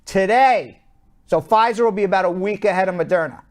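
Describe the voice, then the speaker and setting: A man with a Long Island accent, a show host and attorney, runs through the news on a live show. His voice is high and a little fast, and his delivery is chatty and loose, with fillers and restarts.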